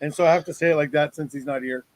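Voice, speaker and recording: A man's voice: on the high side, fairly even intonation, rapid-fire, no room sound, low-quality recording. A man hosting a casual online talk show over a video call, joking and rambling with lots of fillers.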